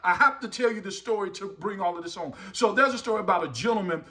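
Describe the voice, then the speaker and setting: A man's voice: high-pitched, quick pace, pushed and bright. A middle-aged man giving a motivational speech in a preacher-like way, repeating key lines and urging listeners on. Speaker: motivational speaker.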